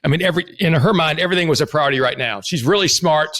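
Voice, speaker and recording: A man's voice: a little high, very fast, fairly bright tone. A man hosting a podcast, telling a candid story in a casual interview and swearing now and then. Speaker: podcast host.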